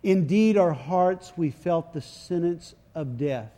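Man, sermon, high voice, dynamic preaching, quiet asides, shouted chants, folksy retelling. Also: lively intonation, slow pace. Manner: folksy paraphrase of scripture. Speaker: pastor.

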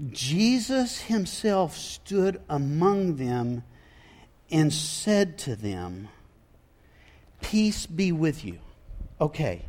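A man preaching a sermon, telling the story in an animated, conversational way with casual asides. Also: sits high. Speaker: pastor.

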